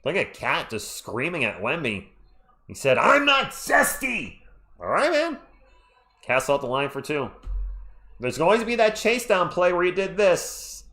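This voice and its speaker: A man whose voice runs on the high side, speaking at a moderate pace, calls live play-by-play on his stream. Excitable and fan-biased, he mixes commentary with friendly shout-outs to people in the chat.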